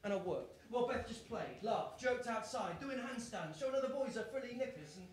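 A man performing a rhyming spoken-word story poem live, with a rhythmic delivery that builds to shouted lines. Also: very high-pitched, animated, normal speed, slight background noise. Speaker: performance poet. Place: live venue on stage. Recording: roomy live venue sound.

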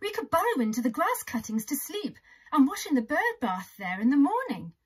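Woman putting on a know-it-all wooden doll girl, storybook voice, a little high. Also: big pitch swings, normal speed. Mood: pleased. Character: small bossy knowing wooden girl doll.

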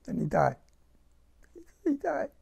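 An older man, a war veteran being interviewed, recalling his experiences in a halting, emotional way and repeating words. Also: extremely high pitch, wildly swooping pitch, creaky, darkish tone. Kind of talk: first-person war recollection.

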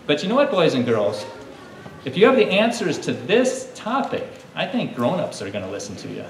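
A man leading a lively lesson for a room of children, coaxing them to call out answers like a coach. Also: on the high side, normal speed. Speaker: children's teacher. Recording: echoey room, distant mic, faint hum.

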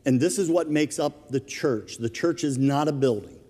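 A man preaching a sermon as minister of his church, telling a funny everyday story in a relaxed, conversational way. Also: on the high side, moderate pace, big-room sound. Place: church sanctuary.

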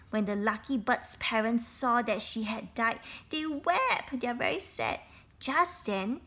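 A woman reading a children's picture book aloud, slowly, stopping to explain things in simple words. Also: medium pitch, fairly bright tone. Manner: slow, explains words and events in simple asides. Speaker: storybook reader.

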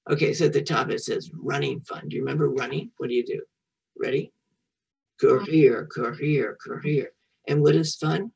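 A woman's voice: a bass voice, fairly even intonation, normal speed, vocal fry, darkish tone, husky, distant mic, low-quality recording. A woman reading a picture book aloud to a young child, patiently repeating French words and encouraging the child to say them back. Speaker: children's storyteller and French teacher.

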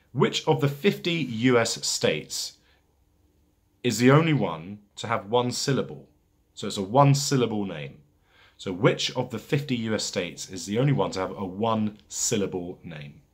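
A man with a low, husky voice runs a casual pub quiz. He reads each question out twice at an unhurried, deliberate pace and drops in chatty asides with plenty of fillers between rounds. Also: expressive.

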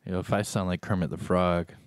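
A man's voice: low voice, little pitch movement, a little fast, clear, resonant tone, no room sound. A man streaming a shooter game, chatting casually and answering his viewers' comments as he plays. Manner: chatty, laid-back, reads and answers chat.

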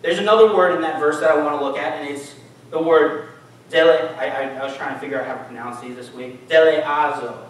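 A man's voice: a little high, fast talker. A man preaching a casual, conversational sermon in a church, asking the congregation questions. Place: church hall. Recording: echoey church hall, mic from far off.

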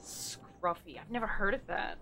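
A woman's voice: medium pitch, expressive, normal speed, gravelly, sharp tone, faint music behind. A young woman streaming a game, chatting casually with viewers, giggly and thinking aloud. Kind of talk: casual gameplay chat.

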